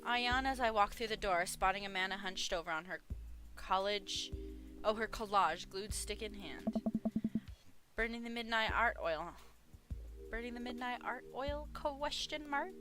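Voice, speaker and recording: A woman hosting a let's play, reading out all of the game's dialogue and narration in her own voice, jokey and quick to laugh. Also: mid-range voice, lively intonation. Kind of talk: reading game dialogue aloud. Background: game music.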